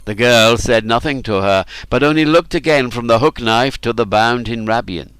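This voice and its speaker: A man reading an audiobook in scripted narration, measured and deliberate. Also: mid-range voice, a bit bright, clean tone, dry recording.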